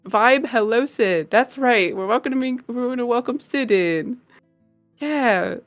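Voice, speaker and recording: A woman's voice: a little high, measured pace, no echo, faint music behind. A woman hosting a live stream, chatting casually with her viewers in a bubbly, giggly, gushing way. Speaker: livestream host.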